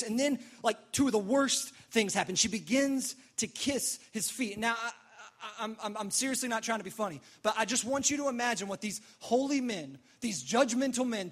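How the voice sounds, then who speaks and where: A young man delivers a sermon in a fairly high voice. He tells the story in an animated way and acts out how each person reacts as he goes. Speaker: pastor.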